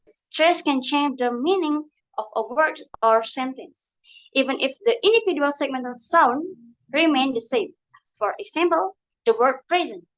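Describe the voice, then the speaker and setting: A young woman from Indonesia giving a class presentation, explaining carefully and a little haltingly from her notes. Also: high-pitched, rough recording. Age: young adult. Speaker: student presenter.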